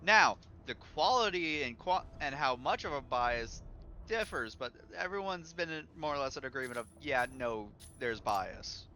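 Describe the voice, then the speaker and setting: Man, streamer, casual gaming rant, lots of swearing, very lively pitch, bright. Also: normal speed. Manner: animated ranting, swears often.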